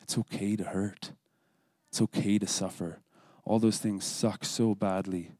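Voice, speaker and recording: Earnest guy reading his own church talk, deep-ish voice, dead dry room. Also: fairly even intonation, a little slow, dry recording. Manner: earnest, confessional, with soft whispered prayers. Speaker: lay speaker at a church service. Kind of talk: scripted personal devotional talk.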